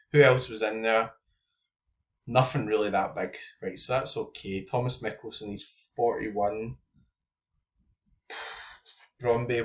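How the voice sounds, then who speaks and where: A young man hosting his own channel, talking casually and thinking aloud as he goes through his fantasy football cards, with lots of "like" and "um". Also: medium pitch. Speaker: YouTube host.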